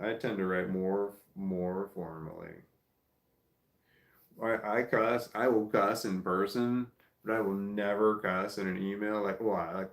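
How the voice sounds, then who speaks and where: A man hosting a live stream, reading viewer comments aloud in casual chat and chuckling often. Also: lowish voice. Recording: echoey room.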